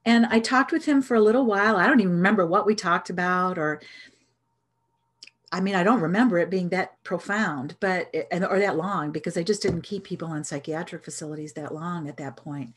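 A woman's voice: fairly low pitch, brisk, husky. A middle-aged woman telling a personal story in an earnest, reflective way, with hesitant restarts. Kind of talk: storytelling talk.

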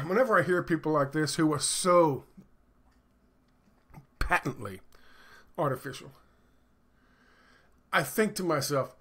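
A man's voice: on the high side, expressive, unhurried, long pauses, bright, forceful tone. A middle-aged man ranting in a casual commentary, sarcastic and profane, rambling with lots of fillers. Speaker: video commentator.

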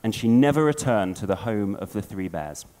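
Animated man telling a story on stage. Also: lowish voice, moderate pace. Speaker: conference speaker. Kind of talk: storytelling conference talk.

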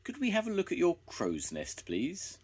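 A man's voice: high-pitched, wildly swooping pitch, normal speed, a little mellow, husky, voice pushed up, heavily acted. An older man voicing a polite, curious young boy bear in a storybook reading.

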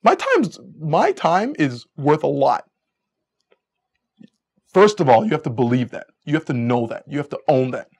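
A young adult man giving a live dating lecture as a coach, energetic and chatty, acting out quoted lines in higher voices. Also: moderate pace, long pauses.

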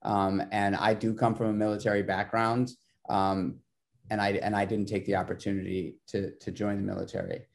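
A man hosting a podcast interview, speaking in a halting way with many stammered restarts as he forms his questions. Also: fairly low pitch, level tone, gravelly. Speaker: podcast host. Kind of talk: casual interview.

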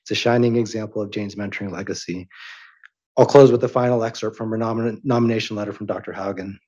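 A man hosting an academic awards session, his voice husky and a little breathy. He talks in a halting way with many pauses and restarts. The audio is dull and muffled. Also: fairly low pitch, fairly even intonation, mellow. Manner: halting, with frequent ums and restarts. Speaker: event host announcing awards.

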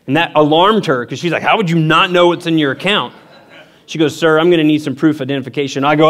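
A middle-aged man preaching a sermon as pastor, telling a personal story in an animated way and acting out the voices with big pitch jumps. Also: fairly quick.

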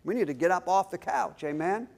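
A man with a high voice preaching from a church pulpit. He drives his points home emphatically and keeps tossing questions out to the congregation as he preaches. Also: animated, a little fast, vocal fry, a little hiss or hum. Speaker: pastor. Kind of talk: sermon.

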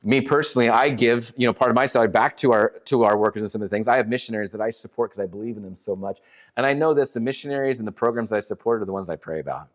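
A man's voice: medium pitch, very fast. A middle-aged man preaching to a church, earnest and conversational, telling a story with many restarts. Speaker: ministry leader speaking at a church. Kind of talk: sermon with storytelling.

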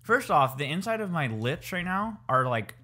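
A man's voice: fairly high pitch, sing-song, normal speed, sharp tone. A man in his twenties co-hosting a casual podcast chat, talking with a slight lisp from new braces in a laid-back, slangy way. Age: 20s. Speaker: podcast co-host.

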